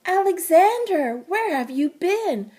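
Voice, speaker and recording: A woman's voice: fairly high pitch, big pitch swings, moderate pace, dark tone, voice pushed up. A woman voicing an eager little girl on a search. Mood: excited. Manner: urgent, eager questioning. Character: excited little girl searching for her friend.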